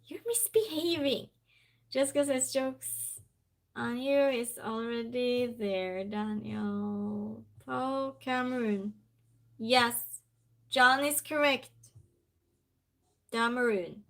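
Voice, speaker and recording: A woman's voice: a little high, slow pace, pauses often. A woman hosting a trivia live stream in a casual chat style, reading viewer comments aloud and greeting viewers by name. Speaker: trivia night stream host.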